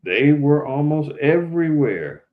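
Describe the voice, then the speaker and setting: A man's voice: sing-song, measured pace, narrow, tinny audio. A man hosting a livestream, talking loosely to his viewers and often turning to address them directly. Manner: loose and conversational, addresses viewers directly, mimics people in higher voices. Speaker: livestream host. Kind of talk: casual livestream commentary.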